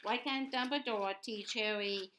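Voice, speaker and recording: A woman reading the lines of a loud, aggressive grown man who acts as a godfather, in a noisy home recording. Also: fairly high pitch, measured pace, reverberant. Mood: defiant.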